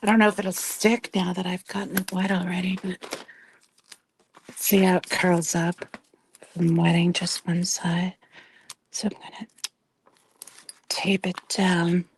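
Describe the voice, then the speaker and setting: Hoarse, soft-spoken grieving woman. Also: lowish voice, flat delivery, a little slow, pauses often, slight background noise. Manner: soft-spoken, often half-whispering; tearful, grieving. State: hoarse, losing her voice. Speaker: livestreamer. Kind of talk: casual livestream chat. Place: home desk.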